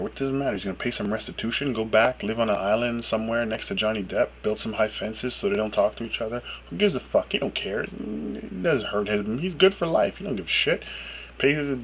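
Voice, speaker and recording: A man ranting alone to camera as a video blogger, emphatic and swearing freely, his voice jumping up high when he gets exasperated. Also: gravelly, a bit bright, a little hiss or hum, low-quality recording. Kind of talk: profane ranting monologue.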